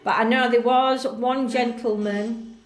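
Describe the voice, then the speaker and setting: A woman hosts a live-streamed ghost hunt, speaking slowly in a fairly high voice as she calls out to spirits and greets viewers. Her voice rings around the hard walls of an echoey old jail, with faint music underneath. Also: fairly even intonation. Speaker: paranormal investigator. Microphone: phone livestream.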